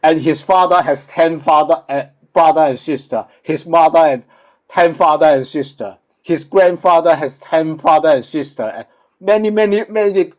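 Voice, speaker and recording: A man with a Hong Kong accent, an English learner who speaks in halting, repeated phrases in a casual lesson. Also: a little high. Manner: halting, repeats words, hums along.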